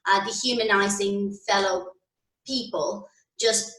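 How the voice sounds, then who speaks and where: A woman's voice: mid-range voice, steady tone, a little slow, a bit bright, distant mic. Thoughtful woman, echoey and off-mic. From Canada. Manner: thoughtful, hesitant, with fillers and restarts. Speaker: guest. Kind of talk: conversational interview. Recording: echoey room, a bit off-mic.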